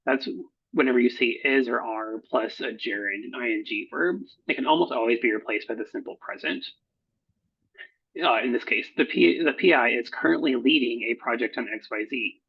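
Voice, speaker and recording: A man who edits research proposals, talking through slides in a recorded workshop, halting often with fillers and self-corrections. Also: medium pitch, creaky, slightly rough. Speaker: proposal editor. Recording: dull lo-fi recording.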